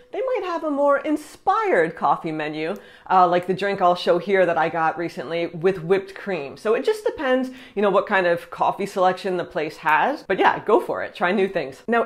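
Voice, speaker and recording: A woman giving casual, friendly tips in a travel vlog, dropping in short French phrases. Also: medium pitch. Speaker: travel vlogger.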